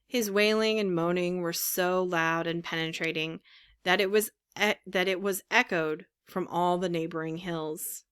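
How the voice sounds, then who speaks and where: A woman narrating a storybook in an expressive reading style. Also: lowish voice, a little slow, clean tone. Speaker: audiobook narrator. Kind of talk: scripted narration.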